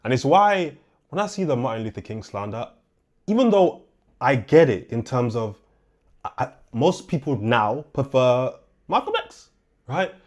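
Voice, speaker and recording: A man's voice: mid-range voice, sing-song, unhurried, a little mellow. A man from England hosting a reaction show, giving casual, thoughtful commentary with hesitant restarts.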